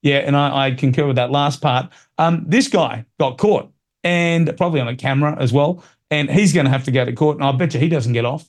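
A man's voice: on the high side, brisk. A man hosting a talk radio show, giving blunt, opinionated commentary and repeating his points.

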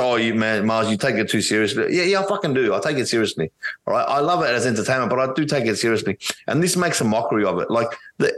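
A man's voice: medium pitch, a bit bright, rough recording. Profane ranting man on a podcast. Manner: blunt and heavily profane ranting. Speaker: podcast co-host. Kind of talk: casual chat, wrestling review.

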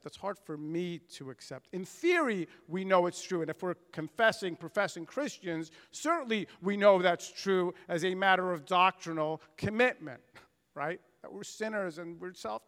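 High-voiced preacher in a reverberant church. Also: male voice, expressive, normal speed, fairly bright tone. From United States. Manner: earnest preaching with emphatic swells and dramatized quotes. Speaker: pastor. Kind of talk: sermon. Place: church sanctuary. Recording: long reverb of a church hall.

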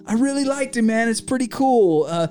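A man voicing a friendly male police officer who is a chatty hip hop fan, eager and casual, raising his voice well above his normal pitch. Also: lively intonation, moderate pace, warm tone.

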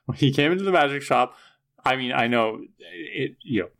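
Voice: medium pitch, animated, moderate pace, vocal fry, a bit bright. A podcast co-host chatting casually about a TV episode, reacting emphatically and making sarcastic asides.

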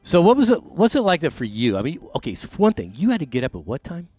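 A man, a sports radio host chatting casually and doing live reads in a rambling, animated way. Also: a little high, fast talker, dry recording, highs cut off, soft background music.

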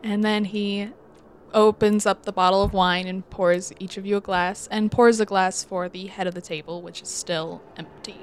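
A woman narrating a tabletop game as game master, describing scenes in an unhurried way with frequent pauses. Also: medium pitch, fairly even intonation, slight background noise.

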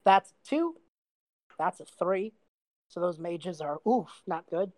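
A woman's voice: on the low side, takes it slowly, no room sound. Woman game master narrating a tabletop game. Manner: relaxed narration with frequent fillers and laughs. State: losing her voice.

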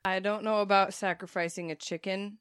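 A woman's voice: mid-range voice, steady tone, fairly quick, a bit bright, smooth, no echo, studio quality. A woman co-hosting a podcast, talking casually and emphatically, swearing as she makes her points. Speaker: podcast co-host. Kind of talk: casual chat.

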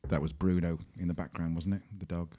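A man's voice: sits low, level tone, a little fast, mellow. A man in his forties co-hosting a podcast, chatty and jokey in casual conversation. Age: 40s. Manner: chatty, jokey and self-mocking. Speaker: podcast co-host. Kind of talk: casual chat.

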